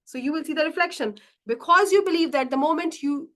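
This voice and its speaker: A woman coaching a live online session, animated and emphatic, firing rhetorical questions at her audience and repeating her key points. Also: sits high, fast talker. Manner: acts out inner voices dramatically. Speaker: money mindset coach.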